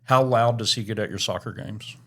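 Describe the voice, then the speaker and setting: A man's voice: lowish voice, a little fast, creaky, fairly bright tone, breathy edge. A middle-aged man hosting a casual church podcast, teasing guests and telling dad jokes. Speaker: podcast host. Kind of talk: casual interview chat.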